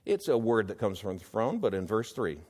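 A man preaching a sermon, slow and measured, building to emphatic exclamations. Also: lowish voice, very animated, a little mellow, long reverb tail.

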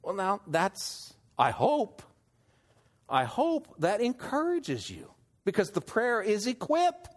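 A man preaching a sermon and reading scripture, unhurried, asking his listeners rhetorical questions. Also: high voice, wildly swooping pitch. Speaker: pastor.

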